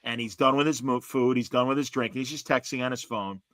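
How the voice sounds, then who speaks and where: A man co-hosting a podcast, telling a story in casual chat and acting out the other people's lines loudly. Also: mid-range voice, fairly quick, no echo. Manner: animated storyteller, acts out quotes loudly. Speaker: podcast co-host.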